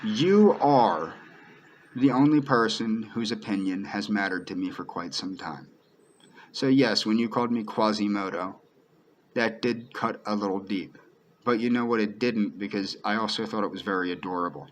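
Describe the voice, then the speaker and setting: A man speaks straight to camera in an earnest, pleading personal monologue. His voice sits on the low side, and he circles back to the same points again and again. A faint hiss runs under the recording. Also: moderate pace, poor audio. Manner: earnest, pleading, repeats himself often. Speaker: video creator.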